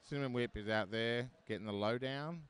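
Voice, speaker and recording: A man's voice: medium pitch, brisk, clear, resonant tone. A man giving live roller derby commentary, chatty and full of joking asides.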